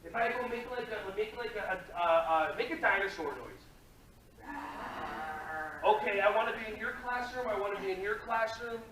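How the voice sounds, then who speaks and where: A man giving an energetic, jokey workshop talk to a live audience and addressing the room directly. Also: high voice, moderate pace. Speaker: early childhood workshop presenter. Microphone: distant from the microphone. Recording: very echoey room audio from far off, faint noise.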